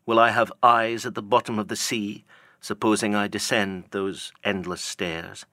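A man's voice: lowish voice, little pitch movement, unhurried, sharp tone, no room sound, studio quality. A man voicing an aging, obsessed sea captain who speaks in a solemn, declaiming old-fashioned manner. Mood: brooding. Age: older. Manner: declaiming, solemn archaic speech. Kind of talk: audiobook character reading.

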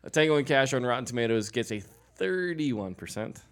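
A man's voice: medium pitch, lively intonation, fairly quick, smooth. Casual man reading film details. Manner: reads details aloud, stumbles over names. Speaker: podcast co-host reading film info. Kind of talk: casual chat.

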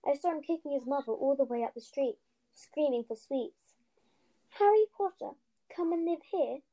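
A woman's voice: high voice, normal speed, dull audio. A woman reading a storybook aloud, voicing a distraught, stern elderly female witch professor with urgent, emphatic delivery. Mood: indignant. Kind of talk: storybook reading with character voices.

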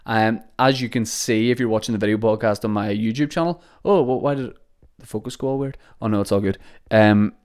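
Podcast host, young man, lower voice, rambling comic monologue, swears a lot. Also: fairly quick, a little mellow, clean tone. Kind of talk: casual comedic monologue. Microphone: podcast microphone.

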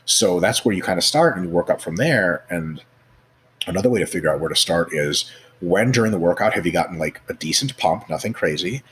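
Fast-talking low-voiced man explaining. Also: a little hiss or hum. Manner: profane, animated, acts out scenarios; many fillers like "like" and "you know". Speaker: guest expert. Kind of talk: casual explanatory chat.

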